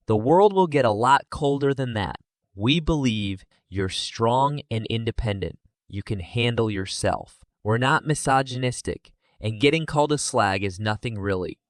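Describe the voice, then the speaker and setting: A man's voice: mid-range voice, expressive, moderate pace, no room sound. A man giving sarcastic, mocking reaction commentary between clips. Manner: dry, mocking.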